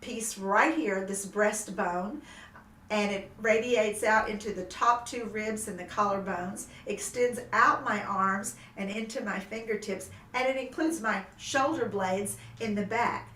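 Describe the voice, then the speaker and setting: A woman instructor calmly explaining seated movement exercises to a class. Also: mid-range voice, measured pace, a little hiss or hum. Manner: gentle, explanatory, then animated emoting. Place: room with music playing. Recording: echoey room, mic at a distance, music behind.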